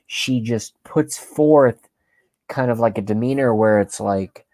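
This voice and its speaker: A man ranting on camera in a comic, profane political tirade, swinging between loud outbursts and hushed whispers. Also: lowish voice, steady tone, moderate pace, dry recording. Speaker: channel host ranting on camera. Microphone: webcam.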